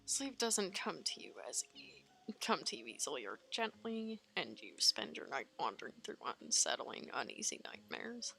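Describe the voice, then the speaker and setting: A woman streamer reading a fan-made visual novel aloud in an expressive, giggly manner, faint game music behind. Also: deep voice, moderate pace, creaky. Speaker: let's play streamer.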